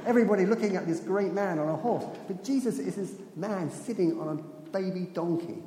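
A man delivers a sermon in a lively storytelling manner, stopping now and then to laugh at his own asides. His voice sits high for a man. It rings out through a large hall with a long, echoing reverb. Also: slight background noise. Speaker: preacher.

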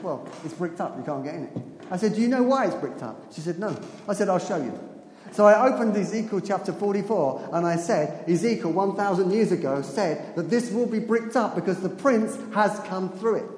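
A man delivers a sermon in a lively storytelling manner, stopping now and then to laugh at his own asides. His voice sits high for a man. It rings out through a large hall with a long, echoing reverb. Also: slight background noise. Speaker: preacher.

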